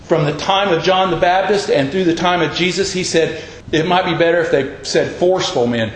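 A man's voice: sits high, normal speed, roomy sound, low-quality recording. A man pastor preaching a sermon, putting rhetorical questions to his congregation in a church.

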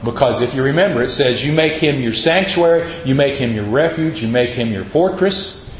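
A man preaching a sermon in an emphatic, folksy way, slowing down for quoted lines. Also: mid-range voice, animated, slight background noise. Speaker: pastor. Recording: roomy echo, dull lo-fi sound.

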